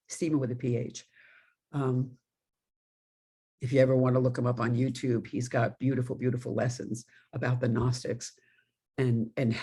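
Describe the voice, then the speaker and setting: Her voice is very deep, husky and dark: a middle-aged woman minister from New York, USA, giving a sermon in a conversational way. She tells stories and laughs through little asides as she goes.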